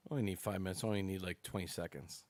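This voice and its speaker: A lower-pitched man talking as a podcast guest, rambling through his stories with excitable energy and casual swearing. The sound is close and dry, with no room around it. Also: rapid-fire, no room sound. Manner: excitable, rambling storyteller who swears freely. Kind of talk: casual chat.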